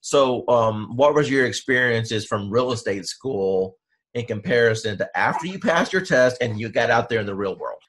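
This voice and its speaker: A man's voice: medium pitch, expressive, normal speed, a bit bright. A man hosting an interview, asking clients leading questions that prompt their stories. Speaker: host and interviewer. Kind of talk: testimonial interview.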